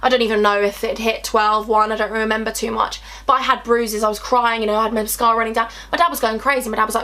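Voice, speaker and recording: A woman's voice: on the high side, little pitch movement, very fast, hardly any pauses, a bit bright. A young woman tells a distressing personal story in a chatty, emotional vlog, full of "like"s and repeated phrases. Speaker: vlogger telling a personal story.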